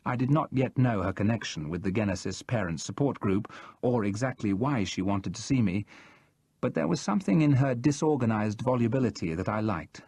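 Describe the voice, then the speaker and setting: A man narrating a first-person thriller audiobook in a steady, measured way, read close to the mic. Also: fairly low pitch, husky, dry recording.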